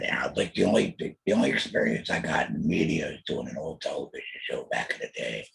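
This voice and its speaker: Gravelly, rough alaryngeal man's voice. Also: extremely low pitch, fairly bright tone, rough recording. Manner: blunt and profane, rambling, keeps asking "you know what I mean". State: speaking after a total laryngectomy, alaryngeal voice. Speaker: podcast host. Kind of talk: casual podcast monologue.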